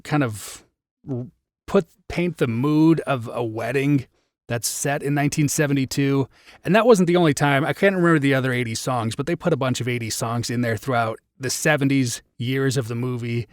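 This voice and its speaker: A man's voice: mid-range voice, moderate pace, no echo, studio quality. A young man hosting his podcast live, chatting casually through a movie review with a rambling, filler-heavy way of talking. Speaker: podcast host.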